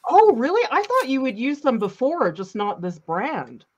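A woman's voice: high voice, very animated, moderate pace, a little mellow, muffled recording. A woman art teacher chatting casually and playfully during an art demo, teasing her co-host.

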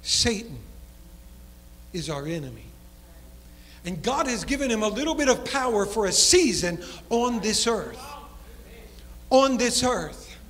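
A man preaching a sermon as pastor, dropping low and soft for emphasis before picking up speed again. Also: very animated, a little slow, long pauses, a little hiss or hum. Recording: long hall reverb in a church.

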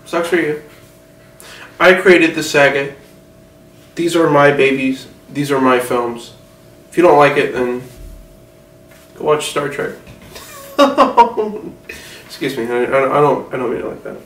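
A man's voice: mid-range voice, takes it slowly, long pauses, a bit bright, echoey room, distant mic, poor audio. A man playing a rambling, boastful movie mogul. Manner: rambling, distracted, boastful, defensive. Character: older male film mogul, rambling, self-important. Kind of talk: satirical mock interview.

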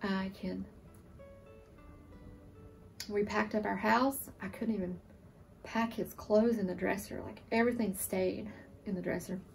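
A woman in her forties, a surviving military spouse, giving an emotional, earnest testimonial, sometimes halting. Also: medium pitch, steady tone, creaky, darkish tone, distant mic, soft background music. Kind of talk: testimonial interview.

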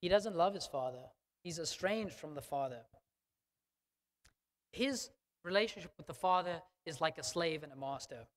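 A man preaches at normal speed in an animated, fairly high voice, talking to his congregation in an emphatic, conversational way. "Okay?" comes up often as he checks in, and the sanctuary gives the recording a long reverb.

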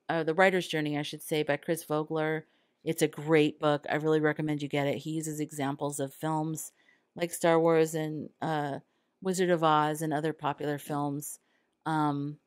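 Woman with a low voice doing a solo podcast, dry close sound, earnest and open. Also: no room sound. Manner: earnest and candid, with quoted asides. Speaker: podcast host.

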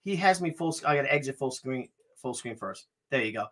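A middle-aged man hosting a livestream, excitable and joking, repeating himself as he talks. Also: medium pitch, fairly quick. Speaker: livestream host. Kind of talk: casual livestream chat.

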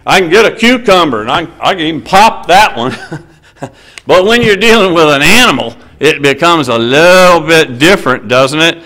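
A man preaching in a relaxed, conversational way, with a voice pitched a little higher than most men's. He reads scripture with emphasis and fills his pauses with "uh". Now and then he turns to banter with the listeners in the hall. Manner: emphatic, hesitant "uh" fillers, banter with the audience. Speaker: preacher at a lectureship. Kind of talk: conversational sermon with scripture reading.

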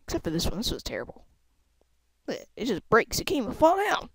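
A woman's voice: on the high side, wildly swooping pitch, fairly quick, husky, no room sound. A woman giving casual let's-play commentary at a desktop mic, goofy and self-mocking, with whispered asides. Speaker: gameplay commentator. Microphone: desktop microphone at a computer.

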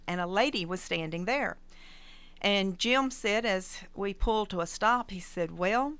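A middle-aged woman recounts a personal testimony in a calm, earnest way. Her voice is bright and smooth. The recording is close and dry. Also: mid-range voice, dry recording. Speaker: radio guest sharing testimony.

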